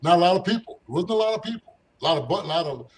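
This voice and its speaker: Speaking rapid-fire in a high-pitched voice, an older former basketball player from Philadelphia shares casual stories of his youth in an interview. He laughs a lot and animatedly acts out the voices of the people involved, on a rough recording.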